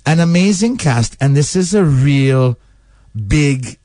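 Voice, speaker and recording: A man's voice: fairly high pitch, animated, slow pace, warm tone, no echo. A man being interviewed as a stage actor and singer in a radio studio, chatty, self-mocking and laughing often. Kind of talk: casual interview chat.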